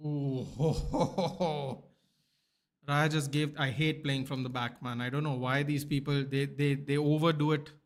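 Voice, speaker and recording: A man's voice: on the high side, moderate pace. A man hosting a live football watchalong, chatting casually with viewers and reading out their comments. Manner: chatty, rambling, reads out viewer comments and answers them; bursts into loud excited shouts at near misses. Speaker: livestream host.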